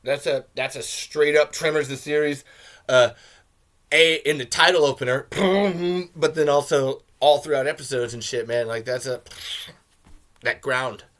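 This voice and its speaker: A man hosting a podcast, reviewing a film in a casual, profane and rambling rant that turns excitable. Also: mid-range voice, measured pace. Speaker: podcast host.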